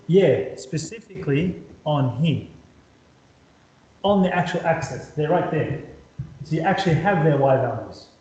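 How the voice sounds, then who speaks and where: Male maths tutor with a slightly high voice, talks while sketching graphs, echoey room. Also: animated, unhurried, darkish tone, lo-fi sound. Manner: talks while drawing, repeats words, quizzes the student. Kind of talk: whiteboard calculus lesson.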